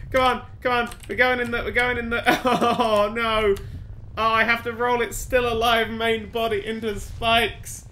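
A man's voice: extremely high pitch, little pitch movement, unhurried, pushed and bright, a little hiss or hum. A man giving jumpy, self-talking commentary while playing a game, swearing often. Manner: jumpy, swearing, talks to himself. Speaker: gaming channel host. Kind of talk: let's play commentary.

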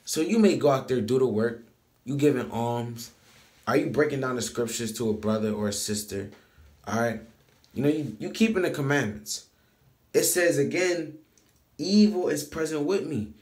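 A man preaching in a casual, emphatic way, repeating phrases for stress and reading verses slowly aloud. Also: mid-range voice, a little mellow. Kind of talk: informal scripture teaching.

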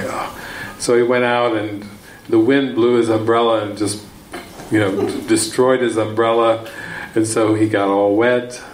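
A man's voice: fairly low pitch, echoey room, slight background noise, rough recording. A man, a spiritual teacher, telling a rambling story in a retreat teaching talk, repeating himself as he goes. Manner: rambling, repeating words, breaks into excited shouted quotes. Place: retreat session room.

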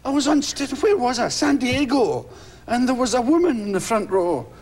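A Scottish man, a guest comedian, telling animated stories on a talk show and acting out voices and crowd shouts. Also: very high-pitched, moderate pace. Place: television studio.

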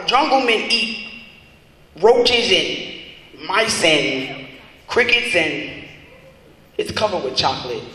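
Young man, rambling deadpan comic, unhurried delivery; recorded in a reverberant hall with an audience. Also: a little high. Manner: rambling, goofy, deadpan asides. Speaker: talent show performer. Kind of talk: stand-up comedy routine. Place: large school hall with audience. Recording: echoey hall, crowd behind.

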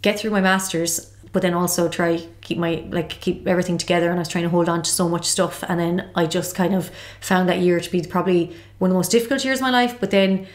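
A woman's voice: on the low side, fairly even intonation, quick pace, hardly any pauses. A woman in her thirties from Galway with an Irish accent, openly telling her own story as a podcast guest in a reflective way. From Galway, Ireland. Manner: reflective, open, lots of "like" and "kind of". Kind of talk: candid personal storytelling.

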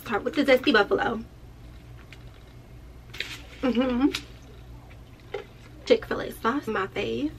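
A lash tech vlogger chats casually with her viewers as if they were friends, loose and playful at an easy pace. Her voice is a little high yet sits in an ordinary middle range, and she speaks slowly with frequent pauses. Faint room ambience and a slight hiss or hum sit behind her.

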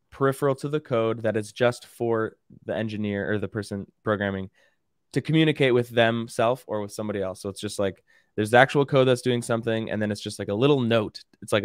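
A man co-hosting a casual live stream, throwing in quick agreements and playful, curious questions. His voice sits a little low. The sound is dry and close, with no room echo. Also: clear, resonant tone. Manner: short backchannels, playful and curious. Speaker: co-host.

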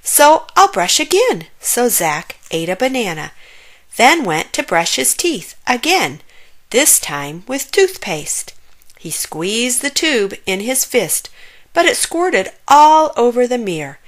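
A woman reading a children's story aloud with expressive, playful narration. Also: on the high side, slow pace.

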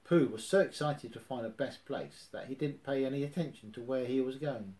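Expressive male storybook narrator. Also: medium pitch, fairly quick. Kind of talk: storybook read-aloud.

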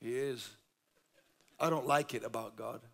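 A man's voice: mid-range voice, a little slow, gravelly. A man with a Yorkshire accent preaching a sermon, telling a story with emphatic, humorous delivery. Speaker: pastor.

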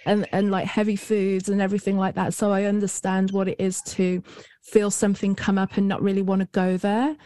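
A woman's voice: mid-range voice, level tone, a little fast, mellow, dry recording. A woman hosting a podcast interview, asking questions and sharing her own experience in a reflective, casual way. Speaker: podcast host.

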